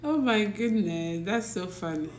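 A woman's voice: medium pitch, expressive, reverberant, a little hiss or hum. A woman hosting a casual livestream, chatty and laughing often as she reads out viewers' names and greets them. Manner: talks slowly. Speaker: livestream host, teacher. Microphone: phone or laptop livestream.

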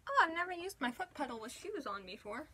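A woman's voice: sits high, big pitch swings, quick pace, pushed and bright, a little hiss or hum. A young woman cosplayer chatting and laughing as she films herself sewing at home. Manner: chatty, giggly, self-deprecating. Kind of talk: casual vlog narration while crafting.

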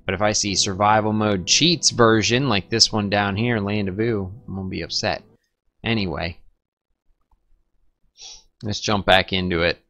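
A man's voice: measured pace, long pauses, sharp tone. A young man rambling casually through gameplay commentary, joking and going off on tangents. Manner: rambling, joking, talks to his pets in a squeaky baby voice. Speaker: gaming streamer.

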